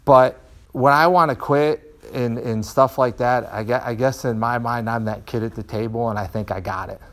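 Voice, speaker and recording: A middle-aged man, a martial arts student, telling candid personal stories in an animated way, with frequent restarts, in a dojo. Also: medium pitch.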